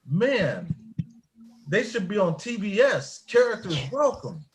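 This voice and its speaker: A man's voice: sits high, sing-song, slow. A man who drives an airport shuttle bus, telling jokey work stories in casual chat and laughing often at his own wordplay.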